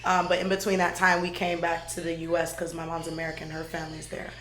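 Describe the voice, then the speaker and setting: A woman's voice: fairly low pitch, monotone, fast talker, a bit bright. A woman guest in casual chat, talkative and laughing often, with many fillers, who grew up in Germany. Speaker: podcast guest. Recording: echoey room.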